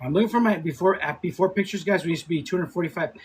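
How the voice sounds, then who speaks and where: A man in his fifties hosting a casual livestream. He laughs often, swears freely and gives quick shout-outs to viewers. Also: sits high, a little hiss or hum, poor audio. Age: 50s. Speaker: livestream host.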